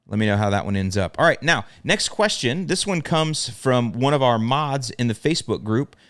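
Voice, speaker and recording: A man's voice: medium pitch, animated, moderate pace, a bit bright. A middle-aged man with a Chicago accent, hosting a solo podcast and giving practical, direct advice that repeats the key points plainly. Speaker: podcast host answering lawn care questions.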